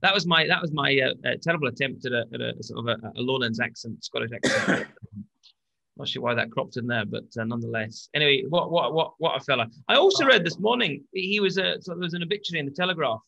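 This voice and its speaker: A man co-hosts a relaxed podcast conversation. His voice is bright and forward, sitting at an ordinary pitch for a man. He talks in a halting way, doubling back over words and leaning on fillers. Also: vocal fry, highs cut off. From British. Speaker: co-host. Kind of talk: casual podcast chat.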